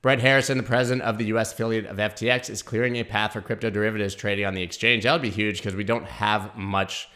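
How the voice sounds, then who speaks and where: A man hosting a crypto news show, giving brisk, opinionated market commentary straight to his viewers. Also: lowish voice, steady tone, bright, forceful tone.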